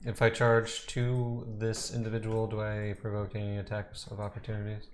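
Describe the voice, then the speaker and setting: A man's voice: fairly low pitch, completely flat delivery, moderate pace, slight background noise. A young man playing a tabletop game, casual and joking, thinking aloud over his dice. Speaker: player.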